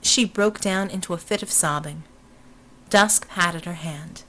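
A woman reading narration of a novel in a measured, even storytelling manner. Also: fairly low pitch, low-quality recording. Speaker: audiobook narrator. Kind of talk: scripted narration.

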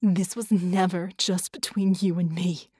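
A woman's voice: fairly low pitch, fairly even intonation, a little slow, dark tone, slightly rough, no room sound, clean studio sound. A woman voicing a fierce, anguished young woman fighter who snarls and then drops to a choked whisper, in an audiobook.

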